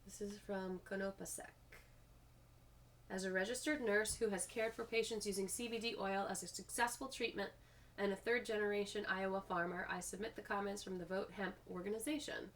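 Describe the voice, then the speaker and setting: A woman's voice: medium pitch, fairly even intonation, brisk, a bit bright. A woman hosting a video, reading public comments aloud and breaking off with frustrated asides of her own.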